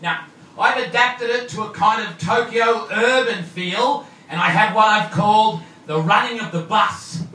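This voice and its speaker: A man's voice: high-pitched, unhurried, sharp tone. An Australian man doing a loose, joking stand-up comedy set on a club stage. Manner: loose, joking, mixes in Japanese. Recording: echoey room from far off, noisy.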